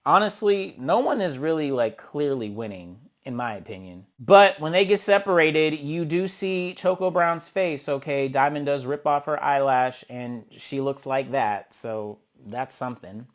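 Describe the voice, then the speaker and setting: A man's voice: fairly high pitch, animated, unhurried, hardly any pauses. A man giving a casual, sassy review of a reality TV episode, blunt and profane, with dramatic reactions and calling people honey and child. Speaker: reality TV recap host.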